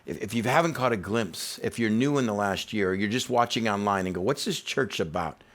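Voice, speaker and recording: A male teaching pastor delivering a sermon, telling stories in an animated way. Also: lowish voice, a little fast. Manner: animated, storytelling.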